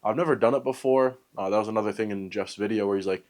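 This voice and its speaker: A young man with a fairly low voice chats through his day for a fitness vlog. He rambles in an upbeat way, fills pauses with um and uh, and makes small self-deprecating jokes. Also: a little mellow. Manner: rambling, upbeat, self-joking with many fillers. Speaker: fitness vlogger. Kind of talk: casual talk to camera.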